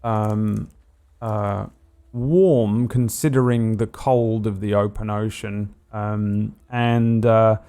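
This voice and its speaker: A man's voice: lowish voice, steady tone, slow, dark tone, clean tone. A man narrating a tabletop game as game master, describing the scenes with many fillers. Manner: descriptive, hesitant, full of fillers.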